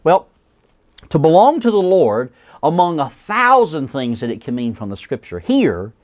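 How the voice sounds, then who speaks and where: A man preaching a sermon, reading scripture aloud and explaining it, slowing and dropping his voice at the ends of phrases, sometimes correcting himself. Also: on the high side, big pitch swings. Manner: self-corrects mid-sentence.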